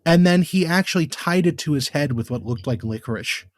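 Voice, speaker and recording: A man co-hosting a podcast in casual chat, given to animated, exasperated rants. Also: on the high side, a little fast, no room sound, studio quality. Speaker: podcast co-host.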